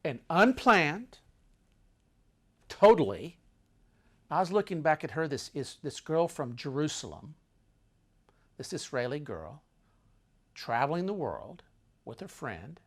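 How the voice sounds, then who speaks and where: An older man telling a travel story with dramatic, animated delivery that swings between loud and hushed. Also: on the high side, takes it slowly, pauses often.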